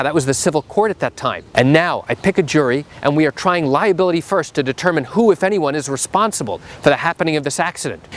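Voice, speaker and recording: A middle-aged man, a trial attorney, telling a story to the camera in an animated, emphatic way. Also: a little high, slight background noise. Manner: animated and emphatic, acts out the quotes.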